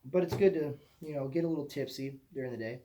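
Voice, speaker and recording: A man's voice: a little high, fast, warm tone, slight background noise. A young man from Michigan telling a rambling personal story as a vlogger, swearing casually and often repeating himself. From Michigan, USA.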